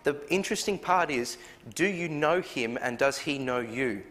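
A man's voice: mid-range voice, expressive, normal speed, fairly bright tone. A man preaching a sermon, earnest, asking the listeners one question after another and acting out the voices he quotes. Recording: long hall reverb.

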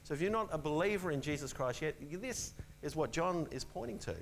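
A man preaching a sermon in an earnest, emphatic way, repeating key phrases and dropping to a soft low voice on the important ones. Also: expressive, brisk, vocal fry, a little hiss or hum, rough recording.

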